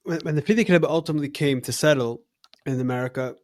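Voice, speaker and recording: A man's voice: a little high, fast talker, darkish tone. A man hosting a podcast interview, thinking aloud and hedging as he asks a question. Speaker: podcast host.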